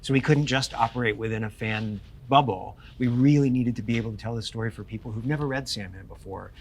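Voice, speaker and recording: A man on a panel speaking in a measured, articulate way about the show. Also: medium pitch, creaky. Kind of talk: panel discussion.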